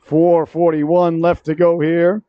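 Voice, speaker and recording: A man calling a high school hockey game play-by-play, cracking jokes between plays and shouting on goals. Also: little pitch movement, slow, slight background noise. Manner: jokey asides, rises sharply to shouts on goals. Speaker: play-by-play commentator. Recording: dry, dull lo-fi broadcast audio.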